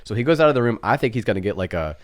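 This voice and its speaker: A young man co-hosting a podcast, telling a childhood story in a casual, animated, self-mocking way. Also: on the low side, racing. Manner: animated, self-mocking storyteller who acts out family voices. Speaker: podcast co-host.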